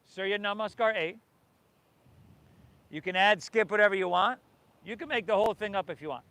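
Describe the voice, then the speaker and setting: High-voiced man leading yoga. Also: fairly quick, sharp tone, dry recording. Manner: encouraging, calls out cues to the group. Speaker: yoga instructor. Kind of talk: guiding a yoga class. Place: outdoors by the ocean.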